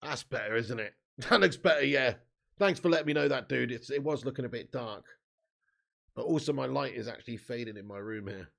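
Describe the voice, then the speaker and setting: A man's voice: mid-range voice, a little fast, vocal fry, fairly bright tone. A man hosting a live football watch-along from a room at home, chatting and reading out viewer comments. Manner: chatty, reads out chat comments.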